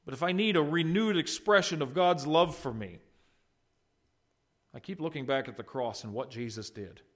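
A middle-aged male pastor delivering a sermon. His voice sits a little high for a man. He preaches earnestly, rising loud and falling soft as he makes his points. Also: normal speed. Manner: earnest preaching with wide swings in loudness and pitch.

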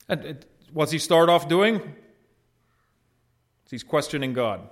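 A man's voice: fairly high pitch, normal speed, pauses often. A man preaching a sermon as pastor, in a conversational way, putting questions to his congregation and answering them himself.

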